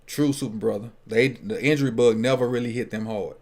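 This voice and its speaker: A man's voice: mid-range voice, fairly even intonation, brisk, darkish tone. A man talking casually at a football draft watch party. He jokes and thinks aloud, often restarting his sentences. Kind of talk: casual chat.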